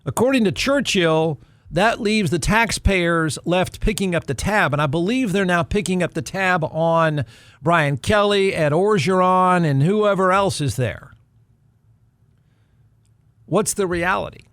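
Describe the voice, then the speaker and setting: A snarky man hosting a sports talk show, his voice sitting notably high. The sound is dry and close, with no room around it. He is middle-aged and piles on the sarcasm. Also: unhurried, a bit bright, dry recording. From Texas. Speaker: podcast host. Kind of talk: sports commentary.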